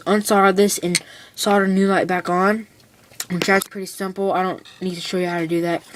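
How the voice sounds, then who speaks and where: Young woman, teens, chatty rambling hobbyist demo voice, noisy home recording. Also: on the low side. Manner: rambling, chatty, full of "like" and "okay". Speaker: hobbyist showing a build. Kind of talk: casual how-to demonstration.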